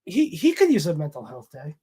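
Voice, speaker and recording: A man's voice: fairly high pitch, wildly swooping pitch, a little fast, mellow, slightly rough. A man co-hosting a casual comic book livestream, laid-back and joking with casual swearing. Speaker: co-host.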